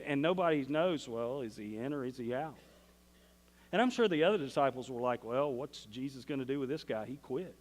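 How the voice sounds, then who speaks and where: A man with a Southern US accent preaching a sermon, telling a Bible story in a folksy way. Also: on the high side. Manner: folksy storytelling, acts out quoted voices. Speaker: pastor. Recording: long hall reverb.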